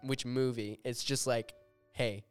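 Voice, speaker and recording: A man co-hosting a podcast, telling a childhood anecdote in casual, halting chat. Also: mid-range voice, smooth, faint music behind. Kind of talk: casual storytelling.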